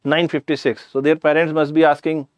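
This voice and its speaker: A man's voice: fairly high pitch, flat delivery, a little fast, no echo. A man with an Indian English accent teaching a live online grammar class, chatty, addressing students directly and slipping in jokes.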